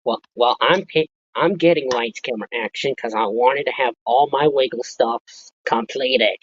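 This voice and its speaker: A man's voice: medium pitch, moderate pace, slightly rough. A man calling in as a guest on a chat stream, talking plainly and a little hesitantly. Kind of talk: casual chat on a call. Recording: dry lo-fi call audio.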